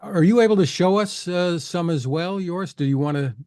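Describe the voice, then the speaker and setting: Male talk-show host, a bit high, upbeat, brief prompting questions. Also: brisk, a little mellow, soft background music. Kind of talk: interview hosting.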